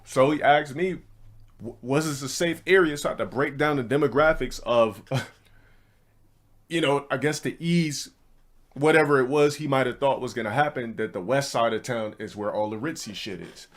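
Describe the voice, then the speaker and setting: A man's voice: mid-range voice, moderate pace. A man streaming, telling a rambling story to his chat in blunt, profane casual talk. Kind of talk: casual ranting monologue to a live chat.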